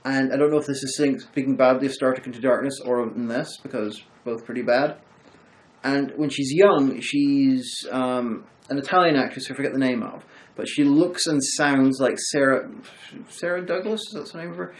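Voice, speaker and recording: A man hosting a film review chat, retelling the plot in a rambling, animated way. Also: mid-range voice, normal speed, poor audio. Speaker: host of a film review show. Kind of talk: casual chat about a film.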